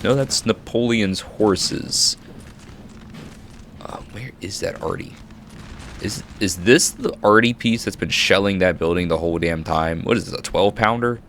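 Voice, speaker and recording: A man giving casual, excitable commentary over a strategy game battle, reacting with frequent exclamations. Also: low voice. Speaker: gaming commentator. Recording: noisy with battle sounds behind. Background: gunfire and battle noise from the game.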